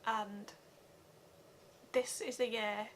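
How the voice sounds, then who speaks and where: Bright-voiced young woman vlogging. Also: on the high side, fairly even intonation, a little hiss or hum. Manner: earnest, halting, many fillers. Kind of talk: personal vlog update.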